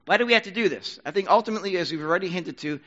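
Guy preaching a sermon, bright edgy voice, kinda muffled lo-fi recording, chatty then gets loud. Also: sits high, racing. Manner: conversational preaching, rising to loud emphatic bursts. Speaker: pastor.

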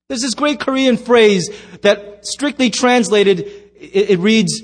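A middle-aged man preaching a sermon as pastor, emphatic, swinging from loud bursts to hushed low lines. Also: slow, hardly any pauses.

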